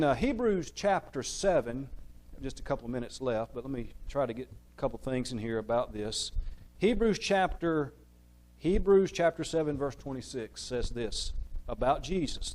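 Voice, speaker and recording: A man's voice: a little high, a little mellow, rough recording. A man preaching a sermon in a church, stressing key words one by one and asking the audience questions, then answering them himself.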